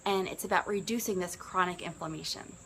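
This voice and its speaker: A woman's voice: on the low side, brisk, a bit bright, slight background noise, low-quality recording. A woman in her early forties, a business coach, telling her own story in an earnest, conversational way. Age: 40s. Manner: earnest, conversational, with rises when quoting herself. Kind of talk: personal testimonial talk.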